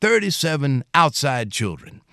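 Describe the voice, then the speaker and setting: Folksy musician telling stories. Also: male voice, a little high, sing-song, measured pace, vocal fry, bright, forceful tone, dry recording, studio quality. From Mississippi, US. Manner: rambling, folksy, anecdotal. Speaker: musician guest. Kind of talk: storytelling interview.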